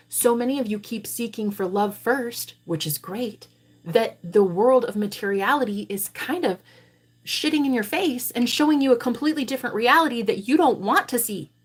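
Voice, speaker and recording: A tarot reader streaming live recounts a story to her audience in a husky, mid-range voice. She's blunt, swears freely, and tells it with real animation.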